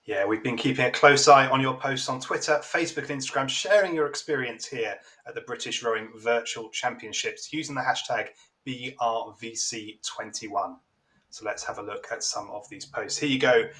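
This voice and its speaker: A man's voice: medium pitch, normal speed, bright, forceful tone. A man presenting social media posts during a live sports broadcast, upbeat and chatty. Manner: upbeat, reads out viewer posts.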